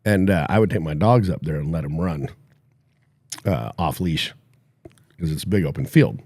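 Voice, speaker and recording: A man's voice: low-pitched, lively intonation, moderate pace, a little mellow, no room sound. A man hosting a podcast, telling a long story in a boastful, mocking way and laughing at his own jokes. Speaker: podcast host. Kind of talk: casual storytelling chat.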